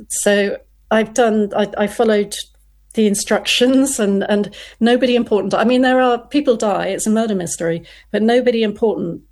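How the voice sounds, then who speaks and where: Woman author guest, casual and chatty, laughs a lot, restarts her lines, middle pitch. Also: moderate pace, darkish tone. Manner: chatty, self-interrupting, laughs often. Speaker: crime novelist guest. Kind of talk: casual interview chat.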